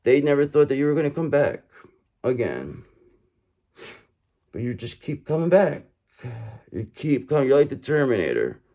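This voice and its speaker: He's a tarot reader speaking straight to the camera, very animated yet mellow, at medium pitch and a moderate pace with frequent pauses. Emphasis and deliberate repetition mark his style, along with check-ins like "okay?" and "brother."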